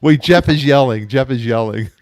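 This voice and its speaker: A man hosting a live talk show, teasing a guest loudly and playfully. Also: medium pitch, normal speed. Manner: teasing, loud and animated.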